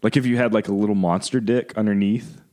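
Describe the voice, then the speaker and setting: A man's voice: on the low side, fairly even intonation, fast, mellow. A man co-hosting a podcast, teasing and blunt in crude casual banter. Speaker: podcast co-host.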